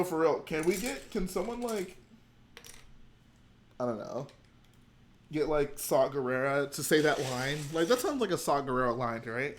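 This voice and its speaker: Rambling, chatty livestream host. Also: male voice, fairly high pitch, big pitch swings, moderate pace, long pauses. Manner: rambling, chatty, thinks aloud. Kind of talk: casual chat while building.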